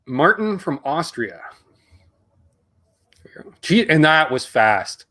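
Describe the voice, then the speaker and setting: A man's voice: fairly high pitch, very animated, slow, bright, forceful tone. A man in his forties hosting a casual livestream chat, reading viewer comments aloud in an easygoing way. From Canada. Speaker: host.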